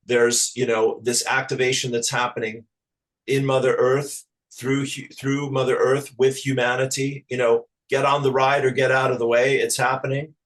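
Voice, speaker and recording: A man from Ireland, a spiritual teacher talking as an interview guest in a halting, earnest, affectionate way with many restarts. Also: medium pitch, flat delivery, fairly bright tone, rough recording. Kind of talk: casual spiritual interview chat.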